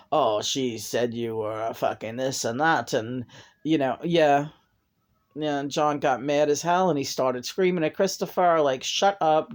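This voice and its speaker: A woman's voice: rumbling low, a little mellow. A middle-aged woman venting in a profane personal rant to her camera, her voice jumping up in angry bursts. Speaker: vlogger.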